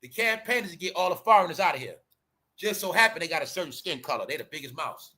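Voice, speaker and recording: Man, high-pitched, bright tense tone, confrontational commentary, mocking, repetitive, near-shouting. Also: animated, quick pace. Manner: raises voice to near shouting at times. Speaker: channel host. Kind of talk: ranting commentary to viewers.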